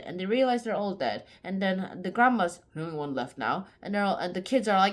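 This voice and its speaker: A woman's voice: mid-range voice, lively intonation, brisk, few pauses. A woman casually retelling a short story in her own words, rambling and often correcting herself mid-sentence. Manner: rambling, self-correcting, chatty.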